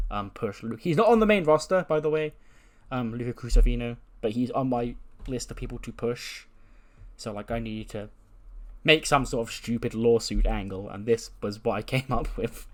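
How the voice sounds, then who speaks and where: A man's voice: medium pitch, moderate pace. A man casually retelling a wrestling storyline he booked, briefly voicing the characters as he goes. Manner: animated, briefly voices characters while recapping. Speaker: wrestling sim game streamer.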